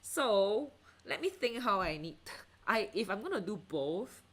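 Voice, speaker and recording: This Singaporean woman, likely in her thirties, talks with her livestream viewers while she paints, reading their comments aloud. Her medium-pitched voice is very animated yet measured in pace, and she laughs a lot and drifts off into fillers.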